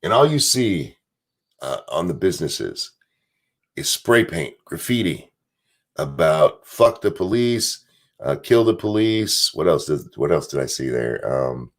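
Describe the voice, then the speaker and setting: A man with a strained, hoarse voice, ranting casually as host of a live stream and reading out viewer messages. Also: a bass voice, lively intonation, unhurried. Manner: blunt, rambling, reads out viewer messages. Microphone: desk mic.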